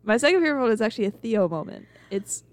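A young woman with a fairly high voice co-hosts a casual podcast chat, laughing a lot and cursing freely. The sound is dry and close. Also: sing-song, rapid-fire, dry recording, soft background music. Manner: laughs often, swears casually. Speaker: podcast co-host.

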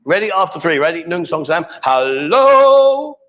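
A man's voice: on the high side, expressive, brisk, muffled recording. A man hosting a casual live stream, teasing and joking as he reads out viewer comments. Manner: jokey, teasing, coaxing. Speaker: livestream host.

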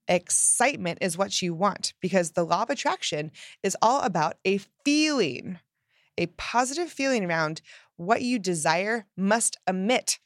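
A woman giving an upbeat motivational self-help talk, emphatic and lively, acting out the phrases she quotes. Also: mid-range voice, no room sound, clean studio sound. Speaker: self-help podcast host.

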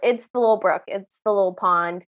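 A woman's voice: mid-range voice, fairly quick. A woman co-hosting a podcast, retelling a movie scene by scene in casual chat and acting out the characters' lines as she goes. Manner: animated storytelling, acts out the characters' lines. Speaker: podcast co-host.

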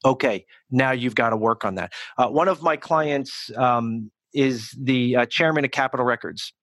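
A man working as an executive communication coach, answering interview questions in a lively, conversational way, often restarting his sentences. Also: mid-range voice, normal speed, dry recording. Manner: animated, self-correcting restarts.

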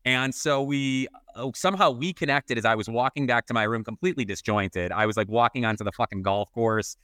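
A man co-hosting a casual podcast, spinning a long self-mocking anecdote and swearing at every turn. His voice is bright and crisp, and the sound is close and dry. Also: mid-range voice, fairly quick, no echo. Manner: swears constantly while telling a rambling comic anecdote. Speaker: podcast co-host, photographer.

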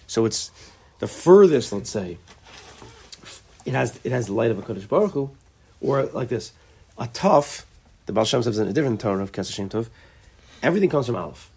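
Teacher voice: a man with a slightly husky tone, unhurried and conversational, who circles back over his own words as he explains. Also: mid-range voice, darkish tone. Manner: thinking aloud, restarts and repeats words; mixes Hebrew and Yiddish terms into English. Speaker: teacher leading a study group. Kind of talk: informal Torah class.

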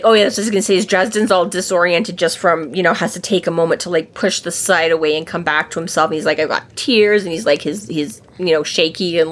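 A woman on a casual book-discussion podcast, retelling scenes in a rambling way with lots of fillers and quoted lines. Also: lowish voice. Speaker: podcast co-host.

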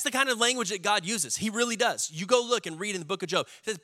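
A male pastor preaching a sermon with animated delivery, acting out the voices of the people he quotes. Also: high-pitched, quick pace.

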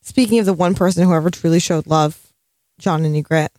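A woman's voice: on the low side, brisk, a little mellow, no echo. A woman co-hosting a podcast in casual chat, dry, sarcastic and bored-sounding. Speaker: podcast co-host.

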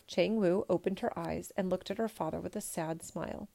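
A woman reading a children's storybook aloud in a gentle, measured way. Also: fairly low pitch, creaky. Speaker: storybook reader.

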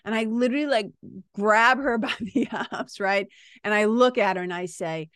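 A woman's voice: mid-range voice, moderate pace, a bit bright, no echo, clean studio sound. A woman podcast host telling a personal story in a candid, casual way, often asking "right?" and swearing now and then.

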